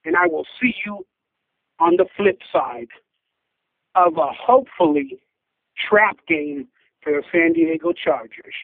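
A proud, fired-up male fan on a tinny phone line, his voice quite high. The sound is dry and close. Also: big pitch swings, unhurried, vocal fry, long pauses, no echo. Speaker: fan caller. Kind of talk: call-in message.

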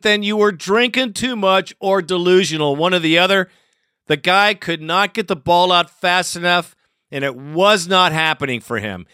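A high, pushed, bright male voice comes through in clean studio quality with no room sound. He hosts a sports fan podcast and is ranting furiously after a lost game, swearing constantly.

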